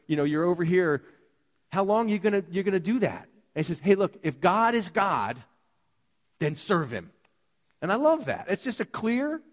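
Male pastor, sermon, fairly high voice, excitable and conversational, big reverberant church hall. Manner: excitable, conversational, swings from loud to soft. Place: church sanctuary.

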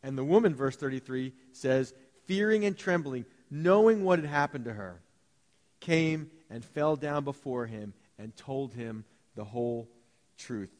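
Animated male preacher in a reverberant hall. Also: medium pitch, measured pace. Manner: animated, conversational preaching with acted-out voices. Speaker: pastor. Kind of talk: sermon. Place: church sanctuary.

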